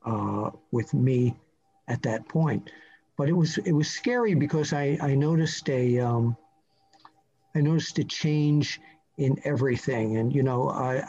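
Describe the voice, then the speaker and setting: A man's voice: mid-range voice, warm tone. Older New man telling stories. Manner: rambling, anecdotal, with many fillers and restarts. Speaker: interview guest. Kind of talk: casual storytelling interview. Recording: muffled lo-fi audio.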